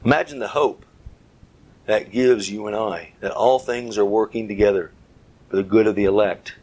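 A man's voice: on the low side, moderate pace, darkish tone, rough recording. A man giving a Bible teaching talk as a preacher, earnest, speaking in short phrases and stressing key words.

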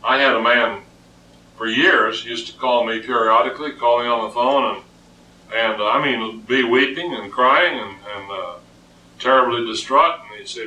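A man's voice: medium pitch, moderate pace, bright, forceful tone, recorded from a distance. A man preaching a sermon, emphatic and often repeating words as he reasons aloud, recorded in an echoey room with the voice off-mic.

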